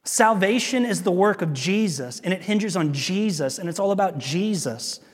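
An exasperated apostle scolding his churches, voiced higher and pleading, all incredulous questions, as a male preacher acts him out in a sermon. A long reverb trails his words, as if in a large hall. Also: lively intonation, moderate pace, slightly rough.

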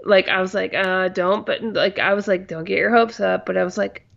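A woman co-hosting a casual podcast chat, talking in a chatty, slangy way with quick quoted asides. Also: medium pitch, fairly even intonation, gravelly, a bit bright. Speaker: podcast co-host. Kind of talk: casual chat reviewing a comedy show. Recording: slightly dull lo-fi mic.

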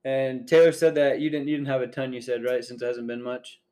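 A man's voice: mid-range voice, level tone, brisk, warm tone. A man co-hosting a podcast, chatting casually and rambling through a story with many fillers. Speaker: podcast co-host.

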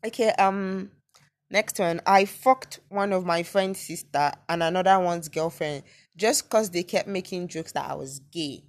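A woman's voice: fairly low pitch, measured pace. A young woman with a Nigerian accent hosting a casual solo podcast, reading listener messages and reacting with disbelief and laughter. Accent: Nigerian, Yoruba-inflected. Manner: animated, incredulous reactions with frequent laughter and exclamations. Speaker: podcast host.

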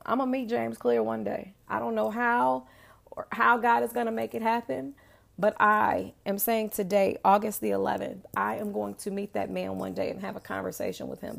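A woman hosts a motivational podcast in a solo monologue. She talks with eager emphasis and hammers her points home by repeating them. Her voice has a heavy, gravelly fry at a middle pitch. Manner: enthusiastic, emphatic and repetitive. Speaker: podcast host.

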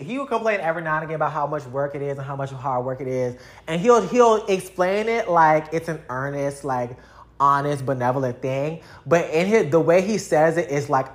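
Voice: medium pitch, reverberant. Young adult vlogger, loose rambling chat, heavy on slang and "like". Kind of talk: casual rambling monologue.

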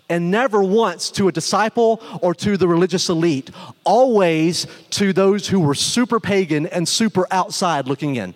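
A man preaching a sermon in a conversational, animated way, acting out the people he quotes. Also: high-pitched, normal speed. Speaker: pastor. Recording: long hall reverb.

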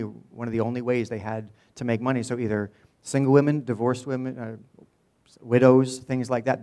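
A man's voice: medium pitch, warm tone. Man preaching a casual, joking sermon. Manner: casual storytelling, asides and jokes. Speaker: pastor.

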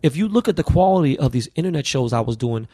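A man from the US West Coast, a podcast guest, telling stories in an animated, profane, slang-heavy way. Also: mid-range voice, fast, husky, dry recording, studio quality. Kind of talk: casual storytelling interview.

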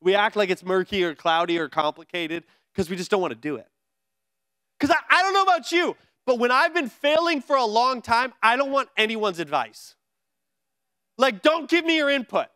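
A man delivers a sermon, his voice sitting high for a man. He preaches with energy and a chatty, playful touch. The sound is close and dry, with no room around it. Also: lively intonation, moderate pace, sharp tone, dry recording. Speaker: pastor.

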